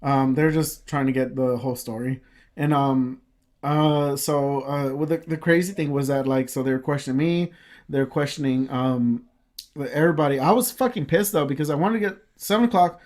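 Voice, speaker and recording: A man's voice: mid-range voice, fairly even intonation, moderate pace, darkish tone. A man co-hosting a casual podcast, telling a long story with many fillers, restarts and swear words. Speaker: podcast co-host.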